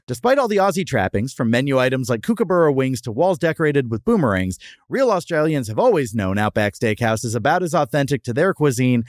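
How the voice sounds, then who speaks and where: A man's voice: mid-range voice, sing-song, brisk, few pauses, no echo, clean studio sound. A man hosting a podcast, chatting casually and reading history notes between jokes. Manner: jokey, reads history notes between banter. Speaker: podcast host. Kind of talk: casual chat and read-out segments.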